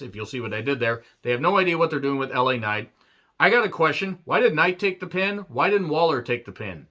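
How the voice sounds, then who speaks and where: A man's voice: mid-range voice, pushed and bright, lo-fi sound. A man reviewing a wrestling show in a profane, sarcastic rant. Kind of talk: ranting review vlog.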